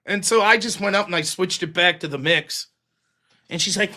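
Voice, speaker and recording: Man, bright tense voice, heated sarcastic rant, swearing. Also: sits high, moderate pace. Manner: mocks others in put-on voices. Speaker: live stream host. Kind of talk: ranting commentary.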